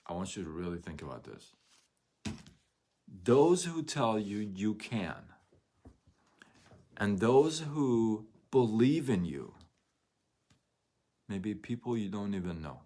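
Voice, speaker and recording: A man's voice: on the low side, big pitch swings, takes it slowly, pauses often, dark tone. A man hosting a motivational live stream, speaking earnestly and getting emotional as he repeats his encouragement.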